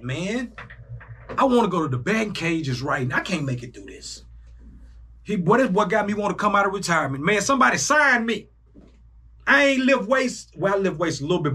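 A young man hosting a casual sports reaction video, animated and breaking into loud bursts as he talks to himself. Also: high-pitched, breathy edge. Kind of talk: excited casual reaction commentary.

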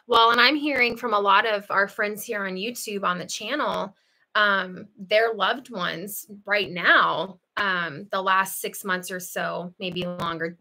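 A woman hosting a casual home livestream, reading out viewer comments and chatting with lively asides and frequent laughs. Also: mid-range voice. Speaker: livestream host.

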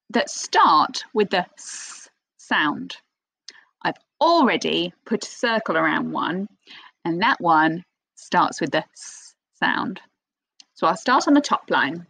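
A woman leads a phonics lesson for small children, her pitch rising and falling in a bouncy sing-song while she takes each word slowly and clearly. The sound is dry and close, with no room echo. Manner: slow, expressive sing-song teacher voice with gasps of excitement. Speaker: primary school teacher.

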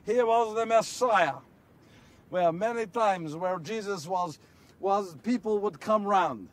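A man's voice: high-pitched, slow pace, distant mic. A man playing an earnest apostle who recalls miracles in a first-person monologue, telling the story and asking his listeners questions, recorded outdoors. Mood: fervent. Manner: storytelling, rhetorical questions to listeners, builds to shouts. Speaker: actor in a one-man biblical monologue. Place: outdoors on location.

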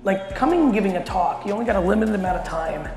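A middle-aged man giving a blunt, animated keynote to a company audience and swearing constantly as he tells a story. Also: high voice, fast talker. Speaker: keynote speaker. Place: large hall at a company event. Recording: echoey hall with faint music.

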